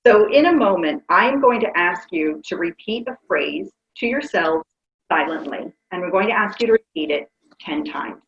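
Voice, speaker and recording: A woman's voice: fairly low pitch, animated, moderate pace, gravelly, a bit bright, reverberant, muffled recording. A woman facilitating a webinar, guiding a group exercise in an upbeat, encouraging way and laughing often. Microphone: video call.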